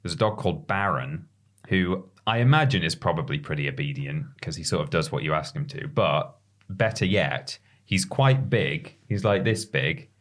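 A man co-hosting a casual chat, slow and drawn-out with deadpan jokes. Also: sits low. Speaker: podcast co-host.

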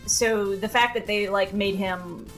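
Woman co-host, casual chat, animated, laughing often, faint music under. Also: medium pitch, unhurried. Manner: animated, laughs often, frequent fillers and restarts. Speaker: podcast co-host.

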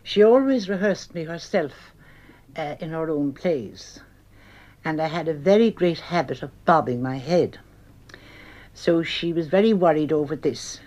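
A woman's voice: deep voice, expressive, a little slow, darkish tone. A woman, a former stage actress, reminiscing plainly and earnestly about rehearsals in an old archive recording. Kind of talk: archival interview recollection. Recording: muffled archival broadcast.

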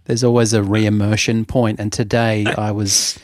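A man co-hosting a casual podcast, dry-witted and quick to laugh. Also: fairly low pitch, little pitch movement, no room sound. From Australia. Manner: dry wit, laughs easily. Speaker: podcast co-host.

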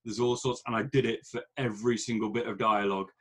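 Husky man, stammering writer on a podcast. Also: fairly low pitch, fast. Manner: animated when ranting, stammers on starts. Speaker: author, podcast co-host. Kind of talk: casual chat about writing.

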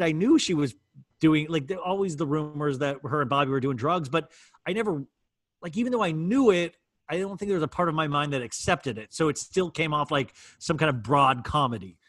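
A man's voice: fairly high pitch, a bit bright, no room sound, clean studio sound. A man co-hosting a podcast, telling rambling stories full of fillers in casual chat. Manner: rambling, filler-heavy storytelling. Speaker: podcast co-host. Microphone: studio microphone.

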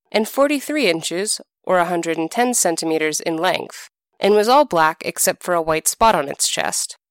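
A woman tells an old folk tale and then walks through the folklore behind it. Her voice is smooth and clear, recorded close and dry, and she lends the characters' lines lively, animated delivery. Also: fairly low pitch, dry recording. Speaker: narrator. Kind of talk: storytelling narration.

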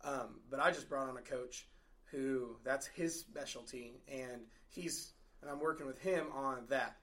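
A man who is a fitness coach, talking in a relaxed, halting way in a casual podcast chat. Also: medium pitch.

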